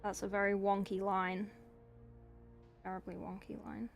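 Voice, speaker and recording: A woman's voice: mid-range voice, flat delivery, measured pace, gravelly, faint music behind. A woman streamer chatting casually while painting, self-deprecating, swearing and giggling. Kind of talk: casual livestream chat.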